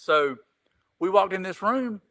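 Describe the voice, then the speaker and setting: A man's voice: sits high, animated, measured pace, bright, forceful tone. A man telling a long casual story as a podcast guest, rambling and repeating "I said," swearing casually. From Greenville.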